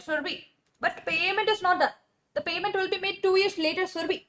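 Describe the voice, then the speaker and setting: A woman's voice: very high voice, normal speed, a bit bright. A young woman giving a classroom accountancy lecture, repeating key terms and quizzing her students.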